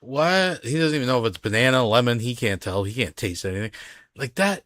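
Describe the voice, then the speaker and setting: A man's voice: mid-range voice, animated, brisk, a bit bright, slight background noise. A man sarcastically reacting to a video, incredulous and mocking. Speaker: commentator reacting to a clip.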